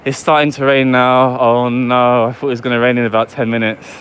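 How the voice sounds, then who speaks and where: A man's voice: mid-range voice, level tone, a little fast, a bit bright, a little hiss or hum. A man from England with a London accent, chatting casually on a live walking-tour stream and reading viewer comments aloud while walking outdoors on a city street. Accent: London English. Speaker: vlogger.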